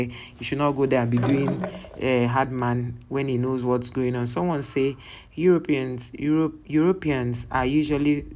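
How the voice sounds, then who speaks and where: A reaction channel host reading viewer comments aloud, often restarting words mid-sentence and adding relaxed, conversational asides between them. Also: mid-range voice.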